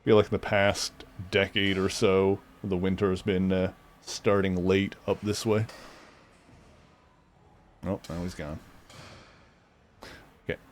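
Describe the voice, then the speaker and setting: A man's voice: low-pitched, flat delivery, slow pace, long pauses, a little hiss or hum. A male streamer chatting casually and doting on his cat during a live stream.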